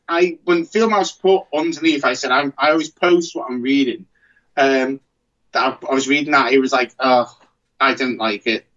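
A man's voice: on the high side, fairly bright tone, muffled recording. A man chatting casually as a podcast co-host, rambling and restarting his sentences often. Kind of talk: casual chat.

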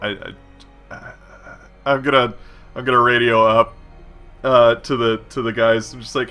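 A man's voice: medium pitch, little pitch movement, a little slow, long pauses, bright, forceful tone, clean tone, soft background music. A man playing in a tabletop game, animatedly describing his character's actions in the first person. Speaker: player. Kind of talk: tabletop role-play.

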